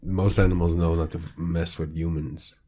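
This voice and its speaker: A man who is a guest on a podcast, talking in laid-back casual chat and telling animated stories. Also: low voice, moderate pace, slight background noise. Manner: laid-back, says "bro", animated storytelling.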